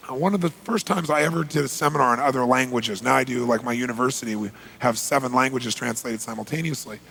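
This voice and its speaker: A man's voice: mid-range voice, fast talker, vocal fry, pushed and bright, big-room sound, a little hiss or hum. A man giving a motivational seminar talk, telling stories and quizzing the audience. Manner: storytelling, asks the audience questions. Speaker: seminar speaker.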